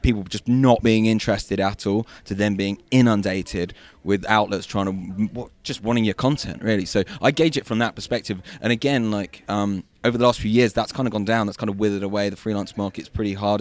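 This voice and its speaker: A man's voice: fairly low pitch, steady tone, a little fast, hardly any pauses. A man with an English accent, a guest journalist chatting casually in a roundtable over a video call, with many fillers and restarts. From England.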